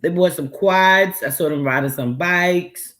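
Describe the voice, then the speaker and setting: A woman's voice: on the low side, unhurried, a bit bright, low-quality recording. A woman hosting a reaction video, making sarcastic, mocking comments on clips. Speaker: commentary host.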